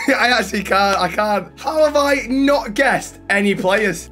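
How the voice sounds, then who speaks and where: Young man, high voice, loud and boastful, whoops and shouts, music playing faintly behind. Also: takes it slowly. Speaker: gaming YouTuber. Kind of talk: excitable gaming banter.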